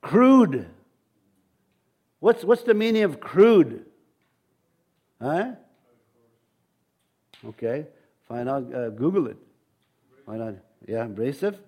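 A man's voice: medium pitch, sing-song, slow, pauses often, dark tone. A man preaching an informal, rambling sermon, often asking his congregation questions.

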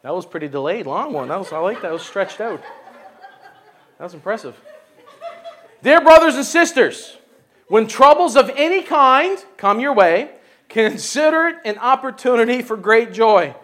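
A man with a notably high voice preaches a folksy, conversational sermon to his church. He talks in a chatty, exclaiming way, leaning on "you know" and asides to the congregation. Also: lively intonation, moderate pace, pushed and bright. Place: church service.

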